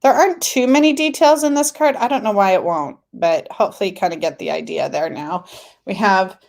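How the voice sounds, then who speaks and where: A woman's voice: mid-range voice, a little fast, creaky, darkish tone. A woman hosting a tarot live stream, chatting casually, reading viewer comments aloud and laughing often.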